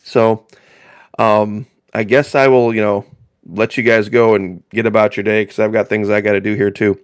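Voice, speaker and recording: A man's voice: lowish voice, flat delivery, moderate pace, clear, resonant tone, dry recording, studio quality. A man from northern Indiana hosting a live stream in casual chat, rambling in a folksy way and repeating phrases for emphasis.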